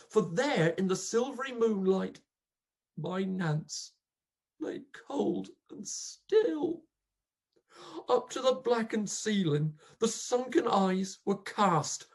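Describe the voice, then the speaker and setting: A grief-stricken old pauper man, bitter and accusing, as a reader recites him. The husky voice moves slowly and swings wildly in pitch, dropping to hushes and surging to cries. It is a melodramatic poetry recitation. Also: heavily acted.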